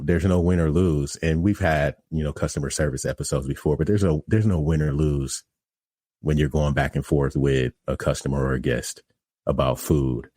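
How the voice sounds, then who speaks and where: A man's voice: a bass voice, darkish tone, breathy edge, no room sound, studio quality. A man hosting a podcast who tells a casual, candid story about running a pizza shop and looks back on his own mistakes. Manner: candid, self-critical, conversational. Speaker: podcast host and pizza restaurant operator.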